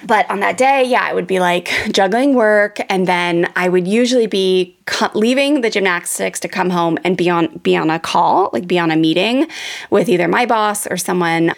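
A woman in her thirties telling a personal parenting story to her listeners in a candid, animated way, full of fillers and restarts. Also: lowish voice, moderate pace, vocal fry. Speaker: podcast host.

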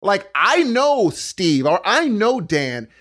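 A man in casual conversation, talking in an animated way and acting out the voices he quotes. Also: high-pitched, slow pace.

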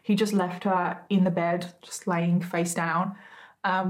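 A woman's voice: lowish voice, darkish tone. A woman hosting a true crime video, retelling a case casually with frequent asides to her viewers and emphatic disbelief.

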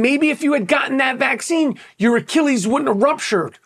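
A man's voice: extremely high pitch, moderate pace, creaky, fairly bright tone. A man with a New York accent hosting a podcast, ranting in a brash, profane, repetitive way. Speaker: podcast host.

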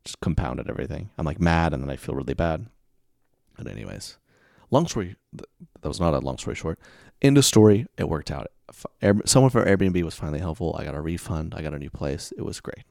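A man's voice: low-pitched, lively intonation, fairly quick, vocal fry, darkish tone, no room sound, studio quality. A man telling stories in a casual monologue, acting out both sides of conversations with sudden exasperated bursts. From American Heartland. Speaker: podcast host.

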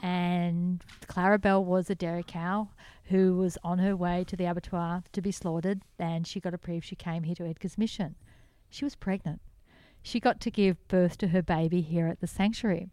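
An Australian woman, a guest in a casual interview, telling animated stories and laughing often. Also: lowish voice, moderate pace, smooth, no room sound. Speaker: sanctuary founder, guest.

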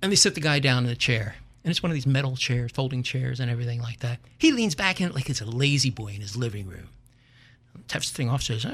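An older man hosting a show, telling a comic story in a wry, animated way and chuckling at his own tale. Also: mid-range voice, fast. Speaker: podcast host.

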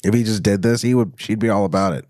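Brief: low-voiced man, self-mocking quips, dry close mic. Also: fairly even intonation, fast, a little mellow, dry recording. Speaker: co-writer reading his screenplay. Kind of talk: script reading with comic commentary.

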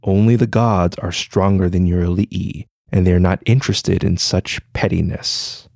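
A man's voice: low voice, steady tone, unhurried, vocal fry, darkish tone, no room sound, studio quality, heavily acted. A man voicing a playful old male sage who giggles and teases. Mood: knowing. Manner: playful, knowing.

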